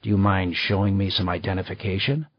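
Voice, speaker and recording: Man reading a terse wary detective, low husky voice, dull dry sound. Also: steady tone, brisk, dry recording. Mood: guarded. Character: guarded middle-aged male detective, terse. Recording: slightly dull dry recording.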